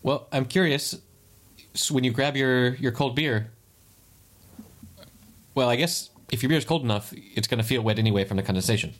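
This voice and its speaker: Punning man telling a halting story. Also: medium pitch. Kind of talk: casual chat and anecdote.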